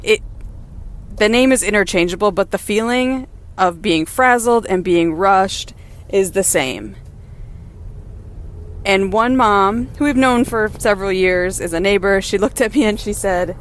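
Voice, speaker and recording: A woman's voice: mid-range voice, animated, measured pace, slight background noise. Mom podcast host talking from her car. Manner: candid, encouraging, laughs now and then. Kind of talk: casual personal monologue. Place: in a car while driving.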